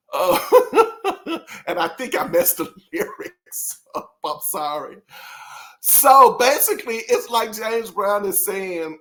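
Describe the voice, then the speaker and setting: A man with a high-pitched, fairly bright voice hosts an informal album review. He rambles, breaks off mid-thought, and often laughs and apologizes while speaking directly to his audience.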